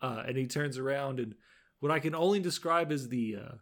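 A man's voice: mid-range voice, fairly quick, a bit bright. A man co-hosting a podcast, casually recapping a show episode, laughing often and quoting the characters' lines. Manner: laid-back, laughs often, retells scenes with quoted lines. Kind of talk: casual chat.

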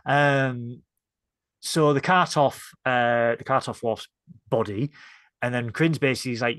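A man's voice: medium pitch, measured pace, a bit bright. A man from the north of England, co-hosting a podcast review in casual chat and playfully acting out scenes. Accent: Northern English. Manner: playful, acts out scenes in mock voices. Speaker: podcast co-host.

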